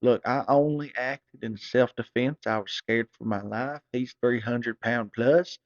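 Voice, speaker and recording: A man's voice: medium pitch, unhurried, no room sound, natural voice. A man voicing a small, cocky male troublemaker with an easygoing coaxing drawl. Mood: defiant. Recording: dull, dry recording.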